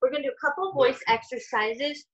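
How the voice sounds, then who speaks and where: A woman's voice: sits high, brisk, far from the mic, highs cut off, background noise. A woman children's music educator from Los Angeles, leading a bilingual lesson that mixes talk and song, upbeat and coaxing as she moves between English and Spanish. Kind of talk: bilingual kids' music lesson, talking and singing. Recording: roomy home stream with guitar and keyboard music.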